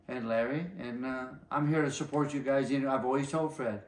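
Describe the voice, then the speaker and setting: A man's voice: medium pitch, steady tone, fairly quick, hardly any pauses. An older man, a martial arts master, casually telling long anecdotes in an interview and acting out other people's lines as he goes. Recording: roomy echo.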